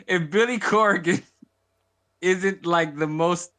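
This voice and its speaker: A man's voice: high voice, drawn-out words, bright, forceful tone. A man co-hosting a live stream, reacting casually with swearing and frequent laughter. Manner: laughs often, profane reactions. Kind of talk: casual chat.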